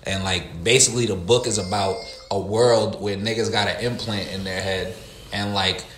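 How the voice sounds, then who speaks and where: A young man telling animated stories in casual podcast chat. His voice is bright and forward. The room is echoey. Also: fairly low pitch, moderate pace, slight background noise. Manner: animated storyteller, acts out his younger self. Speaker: podcast co-host.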